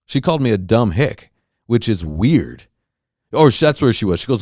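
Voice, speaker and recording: With clean, echo-free studio sound, this Southern Californian podcast host from Los Angeles County, a middle-aged man, tells an angry, swear-filled story in an offhand rant full of restarts. His voice sits on the low side and has a darkish tone, swinging widely in pitch at a moderate pace.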